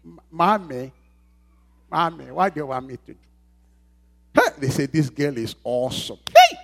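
A man's voice: mid-range voice, normal speed, vocal fry, fairly bright tone. A man preaching a sermon as pastor, emphatic and repeating phrases, calling out questions for the congregation to answer. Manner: call-and-response questions to the congregation.

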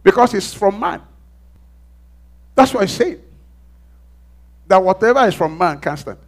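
A male preacher delivering a sermon with a lively, rising and falling pitch. His voice sits a little high for a man, and he acts out the people in his story, jumping from loud bursts down to near-whispers. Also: measured pace. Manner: dramatic, acts out quoted voices, swings from loud to hushed.

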